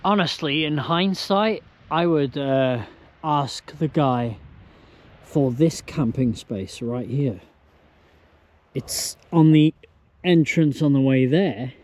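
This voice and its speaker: A man's voice: a little high, lively intonation, darkish tone. A man vlogging outdoors at a campsite, a bit drunk and hiccuping, rambling and mocking himself as he talks to a handheld camera. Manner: rambling, self-mocking, slow and loose. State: tipsy with hiccups. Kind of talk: casual vlog monologue.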